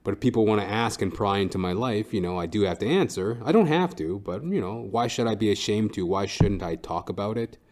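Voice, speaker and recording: A man's voice: on the low side, lively intonation, a little fast, hardly any pauses, a little mellow. A man hosting a podcast, telling a comic story in a profane, ranting way with frequent "right?". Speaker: podcast host.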